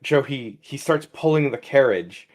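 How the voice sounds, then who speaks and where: A young man co-hosting a comedy podcast, telling an absurd story in halting, rambling bursts. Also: medium pitch, animated. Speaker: podcast co-host. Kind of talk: casual comedic chat.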